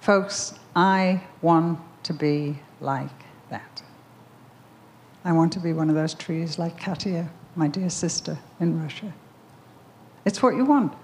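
Slow, low-voiced woman preaching. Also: fairly even intonation, a little mellow, slight background noise. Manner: slow, storytelling with emphatic repetition. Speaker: speaker at a Bible conference. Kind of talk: sermon.

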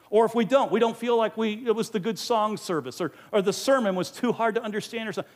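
A man's voice: high voice, fast, few pauses. A man in the role of pastor, giving an earnest, emphatic teaching sermon into a microphone and asking rhetorical questions. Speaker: pastor teaching a Bible study.

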